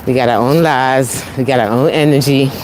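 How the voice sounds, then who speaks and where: A woman's voice: rumbling low, fairly even intonation, moderate pace, darkish tone, a little hiss or hum. A woman with a New York accent, originally from the Caribbean, giving an encouraging, chatty motivational talk while live-streaming on a walk, laughing often and calling out to viewers. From Caribbean, raised in New York. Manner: encouraging, upbeat, chatty with frequent laughs and rising exclamations. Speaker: motivational speaker, host. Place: outdoors on a walk near traffic.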